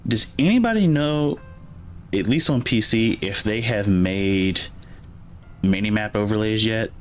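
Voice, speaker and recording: A man's voice: on the low side, animated, unhurried, soft background music. A man from Michigan with a Midwestern American accent, chatting casually as he streams a farming game and rambling to himself with lots of fillers. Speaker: gaming streamer. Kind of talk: casual gameplay commentary.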